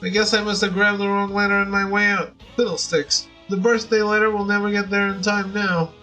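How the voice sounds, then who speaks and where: A man's voice: sits high, level tone, brisk, sharp tone, soft background music, poor audio. A man reading a fussy, unlucky father. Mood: flustered. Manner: old-fashioned exclamations, rambling. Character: unlucky, fussy, apologetic middle-aged man. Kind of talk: reading game dialogue aloud.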